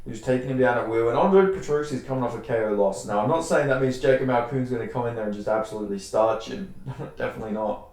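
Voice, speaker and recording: A man's voice: medium pitch, quick pace, a little mellow. An Australian man giving casual fight predictions, rambling, repeating himself and swearing offhandedly. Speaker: MMA fight predictions host. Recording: very echoey room.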